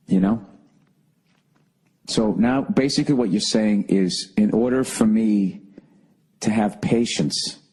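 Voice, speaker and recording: Husky-voiced man ranting profanely. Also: low voice, mellow, rough recording. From United States. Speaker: podcast host. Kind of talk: solo comedic rant.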